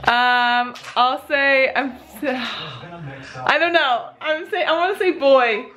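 A young woman vlogging with her family, excitable and quick to laugh and squeal. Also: high-pitched, poor audio. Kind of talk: excited family vlog chat.

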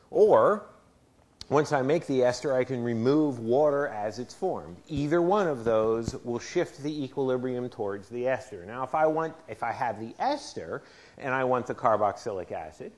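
A man's voice: mid-range voice, a little mellow. Man lecturing on chemistry to a class. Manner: asks the class questions, conversational. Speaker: chemistry professor. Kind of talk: university lecture. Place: lecture hall.

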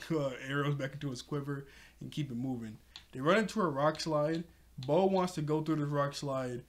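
A man recapping a cartoon episode in a loose, rambling way, full of fillers like "like" and "you know", often chuckling. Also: fairly high pitch. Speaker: TV show reviewer.

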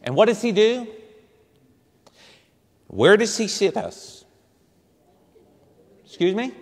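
A man's voice: high-pitched, sing-song, slow pace. A man, a priest, telling a story in a sermon, acting out voices and throwing punchy asides to the congregation. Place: church. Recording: reverberant church hall.

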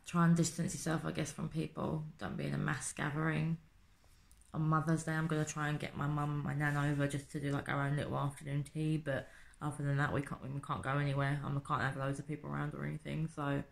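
Sweary woman in her 30s doing a home video diary, low gravelly voice, lots of "isn't it?". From England. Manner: sweary, chatty, rhetorical tags. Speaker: vlogger. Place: home in the city.

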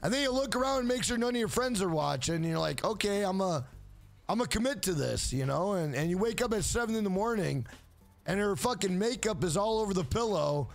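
High, lively-voiced man telling crude stories. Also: fairly quick, gravelly. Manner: crude, rambling storytelling full of profanity; talks back to chat viewers by name. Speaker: live streamer. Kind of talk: casual chat while gaming on a live stream.

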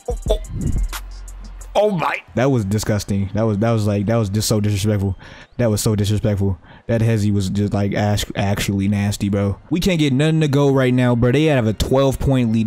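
A young man giving live, profane, trash-talking commentary over his own basketball video game play, breaking into sudden excited yelps. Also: mid-range voice. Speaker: gaming YouTuber.

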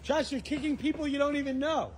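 A man's voice: extremely high pitch, fast. A man live-streaming on a city street, urging and coaxing a friend with growing exasperation. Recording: noisy outdoor street audio.

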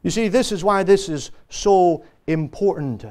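A man preaching a church sermon as pastor, emphatic and swinging between forceful stresses and sudden quiet drops. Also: high-pitched, a little slow, hardly any pauses. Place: church service.

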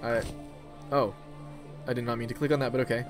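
A man's voice: medium pitch, flat delivery, a little fast, over music. A man playing a text adventure game, reading it aloud with casual, offhand remarks and the odd swear. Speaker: video game streamer.

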